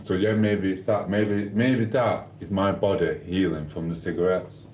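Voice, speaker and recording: Bloke rambling on his live stream, bit low, slangy and jokey, roomy echo. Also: steady tone, normal speed, darkish tone, slight background noise. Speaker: livestream host. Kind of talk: casual live-stream chat reading comments. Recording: roomy sound with faint ambience.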